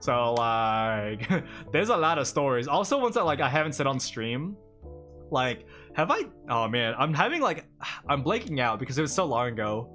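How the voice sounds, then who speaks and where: A chatty male streamer rambles through casual livestream talk and laughs often. His voice is bright and forward. Soft guitar music plays faintly behind him. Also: mid-range voice, sing-song, moderate pace.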